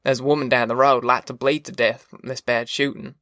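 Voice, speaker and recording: A weary, level-headed former preacher, as a man puts him on speaks in a plain folksy drawl. The tone is bright and forward, and the audiobook sound is dry and close. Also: mid-range voice, little pitch movement, fairly quick, no echo. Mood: calm. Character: weary calm ex-preacher man, middle-aged.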